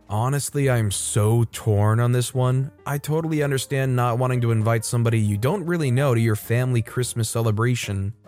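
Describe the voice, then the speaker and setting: A man reading online stories aloud in a steady, conversational way and adding brief comments of his own. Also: medium pitch. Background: faint background music.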